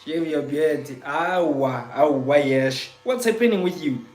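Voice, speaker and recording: Young male livestream host, chatty and teasing, slightly high voice, echoey home room. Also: measured pace, darkish tone. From South Africa. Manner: reads viewer comments aloud, chatty and teasing. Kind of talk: casual livestream chat with viewers.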